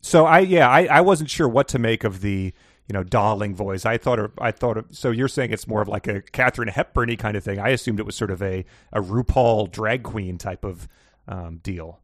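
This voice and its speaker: A man's voice: lowish voice, moderate pace, dry recording, studio quality. A man co-hosting a casual book podcast, talking in a wry, rambling way with frequent laughs. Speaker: podcast co-host.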